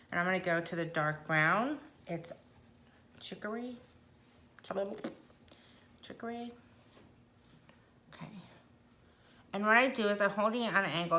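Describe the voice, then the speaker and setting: A middle-aged woman talks through her makeup routine at home, rambling and poking fun at herself. Her voice is bright and forceful, a little low for a woman, with a faint hum of room noise behind her. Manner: chatty, self-deprecating, rambling asides. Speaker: makeup vlogger. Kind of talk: casual makeup tutorial chat. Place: indoors at home.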